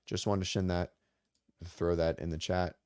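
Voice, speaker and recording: A man's voice: low voice, level tone, moderate pace, darkish tone, smooth, no room sound, clean studio sound. A man who coaches fitness, hosting a casual livestream chat in a loose, rambling way with some mild swearing.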